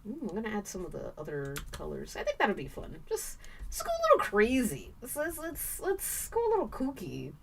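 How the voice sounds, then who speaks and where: A woman's voice: mid-range voice, wildly swooping pitch, a little fast, vocal fry, slight background noise. A woman chatting casually on a live stream while she draws, playful and chatty, thanking viewers and humming little tunes as she works.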